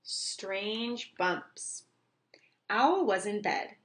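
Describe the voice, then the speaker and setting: A woman teacher reading a children's book aloud, slowly and clearly for young children. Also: mid-range voice, expressive, a little hiss or hum.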